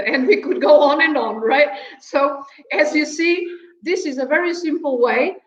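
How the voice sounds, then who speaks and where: A woman's voice: high voice, moderate pace, hardly any pauses. A woman with a Portuguese accent, a native speaker patiently explaining vocabulary on a talk show, with frequent chuckles and a habit of asking "right?". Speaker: language teacher guest. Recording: roomy, slightly dull audio.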